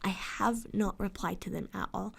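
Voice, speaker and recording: A woman's voice: mid-range voice, fairly even intonation, normal speed, gravelly, breathy edge. A sleepless woman venting in a vlog, ranting with frustration and sarcasm, swearing often and sometimes dropping into a whisper. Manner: drops into whispers at times. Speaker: vlogger. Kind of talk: late-night venting vlog.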